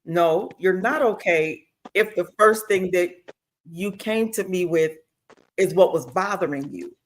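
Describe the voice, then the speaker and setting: Lowish-voiced woman host, lively storytelling. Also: unhurried, poor audio. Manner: animated storyteller, playful mimicry. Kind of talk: streamed interview hosting, reading viewer comments.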